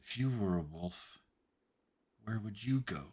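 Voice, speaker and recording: A man's voice: on the low side, lively intonation, unhurried, a little mellow, slightly rough. Cryptic wolf shaman woman, as a man puts her on. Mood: hushed, cryptic.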